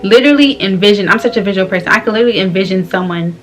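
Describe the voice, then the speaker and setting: A woman's voice: mid-range voice, very fast, over music. A young woman in her twenties from Florida, talking candidly and loosely with slang and frequent laughs while doing her hair for a vlog. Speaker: vlogger.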